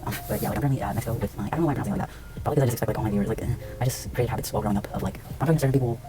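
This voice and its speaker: Fast-talking young man rambling to camera. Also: on the low side. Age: young adult. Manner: rambling, swears often, many fillers and restarts. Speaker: vlogger. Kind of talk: casual rambling talk to camera. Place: indoors at a family home.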